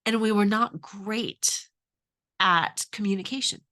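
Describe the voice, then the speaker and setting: Her voice is medium in pitch, slow, pushed and bright. She's a middle-aged woman offering relationship advice, earnest and full of questions, weaving in a story of her own.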